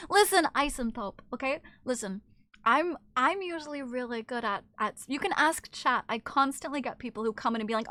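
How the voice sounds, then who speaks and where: A woman's voice: high-pitched, expressive, moderate pace, bright, forceful tone, no room sound, studio quality. A woman streamer chatting casually with her viewers, reading their messages aloud, playful and teasing and swearing freely.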